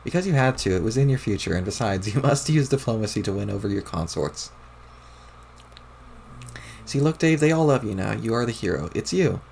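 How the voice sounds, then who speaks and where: A man's voice: fairly low pitch, lively intonation, a little fast, creaky, a little mellow, slight background noise. Terezi, a man voicing a teasing alien troll girl. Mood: bossy, cheerful. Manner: teasing, theatrical, bossy. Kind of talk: reading a comic aloud with voices.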